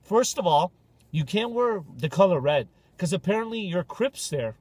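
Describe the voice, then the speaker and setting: A man's voice: high voice, normal speed, husky, dry recording. A man hosting a podcast, telling stories in casual, joking banter. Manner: animated, joking storyteller. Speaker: podcast host.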